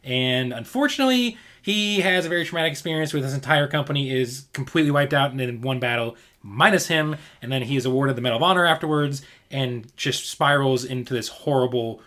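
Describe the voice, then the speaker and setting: A man's voice: mid-range voice, fairly quick, few pauses, sharp tone. A man from Georgia co-hosting a casual podcast, animatedly retelling a movie plot with jokes. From Georgia, USA. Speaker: podcast co-host. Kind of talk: casual chat.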